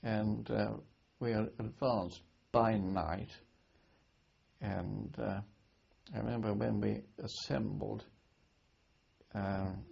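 An older man from Britain, a war veteran, recalling his service in an oral history interview, speaking haltingly with many restarts and repeated words. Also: on the low side, fairly even intonation, gravelly, slightly rough. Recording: dull lo-fi archive recording.

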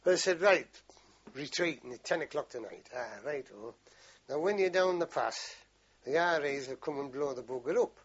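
A man's voice: a little high, lively intonation, normal speed, breathy edge, lo-fi sound. An older man, telling war stories in a rambling, salty way in an oral history interview. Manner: rambling, salty storytelling with frequent swearing. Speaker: veteran interviewee.

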